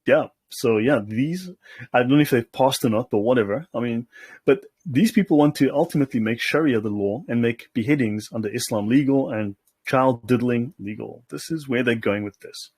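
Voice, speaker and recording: Here a host with a husky, darkish mid-range voice moves at a moderate pace, with no room sound. He reads through documents and comments on them in a relaxed, sardonic way, frequently asking listeners "okay?".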